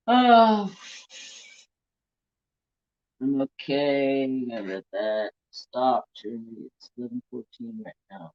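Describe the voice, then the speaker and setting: A man from California rambles casually to his stream viewers, joking with himself and slipping into a Southern-tinged drawl. His pitch sits in the middle, and the sound comes through dull and lo-fi. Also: darkish tone. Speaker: craft channel host. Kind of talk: casual live-stream chat.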